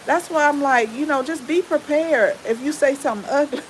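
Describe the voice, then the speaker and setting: A woman with a Southern US accent and a relaxed drawl, chatting casually with viewers as the host of a gardening channel. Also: high-pitched, brisk, slight background noise, low-quality recording. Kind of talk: casual live-stream chat with viewers.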